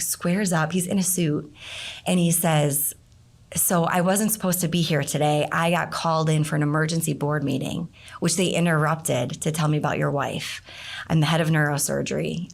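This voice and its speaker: A middle-aged woman, a guest in an interview, telling a personal story in a casual, animated way, her voice leaping up when she acts out what people said. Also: low-pitched, vocal fry. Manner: animated storyteller, voice jumps up for quoted outbursts. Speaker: interview guest, nonprofit founder.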